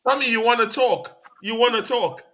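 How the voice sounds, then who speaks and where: A man's voice: very high voice, normal speed, a crowd in the background. A man hosting a live watch-along stream, chatting casually and teasing his guests with lots of laughter. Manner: laughs a lot, teasing banter.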